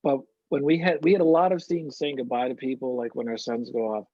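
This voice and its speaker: A man, an actor guest, telling stories in a relaxed interview with lots of restarts. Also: medium pitch, a little fast, dry recording. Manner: anecdotal, warm storytelling with frequent restarts. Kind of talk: casual interview chat. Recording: muffled, dry lo-fi audio.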